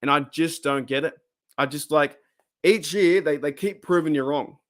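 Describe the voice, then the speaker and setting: This Australian man, hosting a live sports podcast, reads chat comments aloud in an excited, rambling way. His voice is fairly high and fairly bright, and he talks at a normal speed.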